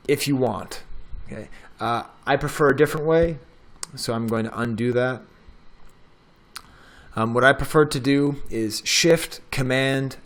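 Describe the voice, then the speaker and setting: A middle-aged professor clicks through the steps of a screen-recorded software tutorial, explaining things in a relaxed, conversational way. His voice sits at a medium pitch.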